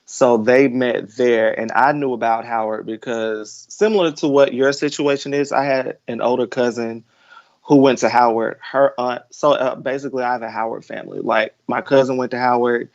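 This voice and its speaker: A man's voice: medium pitch, fairly even intonation, normal speed, dull audio. Easygoing man with an Alabama drawl. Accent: Southern US, Alabama drawl. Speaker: guest. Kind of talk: casual chat.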